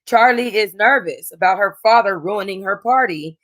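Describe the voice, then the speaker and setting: A woman's voice: medium pitch, moderate pace, a bit bright. A woman host casually reviewing a reality TV episode, emotional and close to tears, rambling with restarts and slang. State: close to crying. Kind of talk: casual chat.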